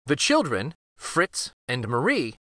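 A man hosting a children's read-aloud channel, reading a picture book in an expressive, lively storytelling way. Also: mid-range voice, takes it slowly, no room sound, clean studio sound.

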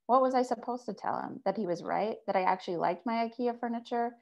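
A woman author reading her own fiction aloud in a measured first-person voice. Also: fairly high pitch, gravelly, darkish tone, lo-fi sound.

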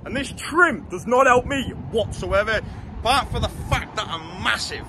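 A man's voice: sits high, expressive, moderate pace, noisy background. A man, talking casually and bluntly while vlogging from city streets. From England. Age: 20s. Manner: chatty, blunt and jokey, swearing freely. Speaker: travel vlogger. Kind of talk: casual walking vlog.

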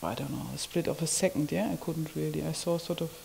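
A woman's voice: low voice, fairly even intonation, gravelly, darkish tone, husky, rough recording. Woman recounting, peppered with "yeah?". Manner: halting, frequently adds a questioning "yeah?"; wondering, marvelling delivery. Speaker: community member sharing an experience. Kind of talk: personal recollection in conversation.

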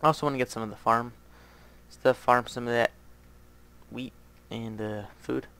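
Smooth-voiced man with a light Southern drawl. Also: mid-range voice, steady tone, moderate pace, a bit bright. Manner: rambling, thinks aloud and mutters to himself. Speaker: gaming channel host. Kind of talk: casual gameplay commentary.

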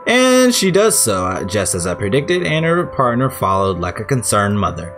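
A man's voice: on the low side, sing-song, moderate pace, fairly bright tone, faint music behind. Irreverent, rambling male gamer. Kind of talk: casual let's-play commentary.

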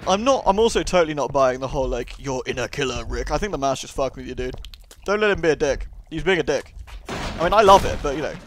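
A man giving casual, joking commentary while playing a video game, excitable and crude. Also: on the high side, quick pace, a little hiss or hum. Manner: jokey, excitable, crude humour. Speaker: let's play host.

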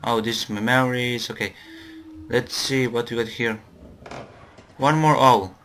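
Slow-talking man narrating a game. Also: mid-range voice, steady tone, fairly bright tone, a little hiss or hum. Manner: jumpy, swearing, talking to his teddy. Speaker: gaming video host. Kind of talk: let's play commentary.

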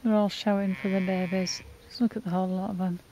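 A woman's voice: mid-range voice, steady tone, fast talker, background noise. A woman filming outdoors on a farm, speaking in an upset, apologetic way to a mother sheep, with sheep bleating behind her. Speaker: animal sanctuary owner. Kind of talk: emotional outdoor vlog.

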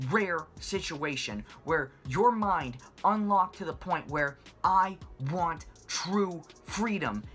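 A man's voice: a little high, fairly bright tone. Impassioned man ranting about money. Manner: passionate, emphatic, repeats words for stress. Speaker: finance channel host. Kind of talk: impassioned money rant to camera.

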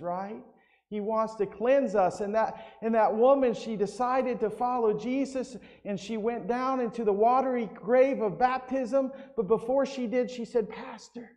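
In a church sanctuary with long hall reverb, a male pastor preaches an evangelistic sermon. His voice is high-pitched with a darkish tone, and he tells stories while often checking in with "right?"

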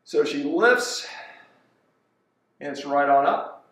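A man's voice: on the high side, animated, a bit bright. Echoey, distant male fitness trainer. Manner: cueing movements step by step, slow and deliberate. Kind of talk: instructional exercise demonstration. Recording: echoey room, voice from far off.

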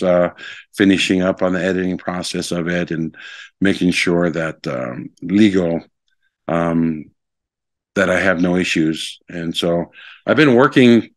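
Low-voiced man telling a long story. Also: dry recording. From Hawaii. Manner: rambling, animated storyteller with many fillers. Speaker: guest. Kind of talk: storytelling interview.

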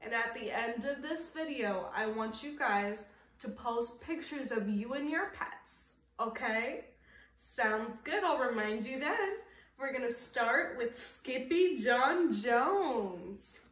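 Woman preschool teacher, expressive storybook reader; slow, unhurried delivery, roomy echo. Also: fairly high pitch, distant mic. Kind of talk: reading a storybook aloud to children.

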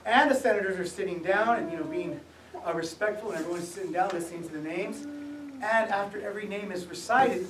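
A middle-aged man giving an author talk at a museum, speaking conversationally with gentle humor and some restarts. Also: high voice, lively intonation, a little fast, slight background noise. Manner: conversational, self-deprecating humor, frequent restarts. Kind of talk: public talk with slides. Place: museum event room. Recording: echoey room, mic at a distance.

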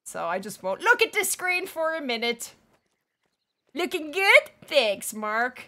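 A woman's voice: sits high, sing-song, unhurried, bright, forceful tone. A woman streaming a hunting game live, chatting casually and thanking viewers by name.

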